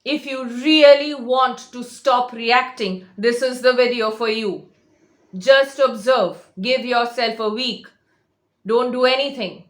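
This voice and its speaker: A woman's voice: fairly high pitch, slow, reverberant. A woman coach giving a direct-to-camera motivational talk, insistent and emphatic, often repeating her points. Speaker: manifestation coach.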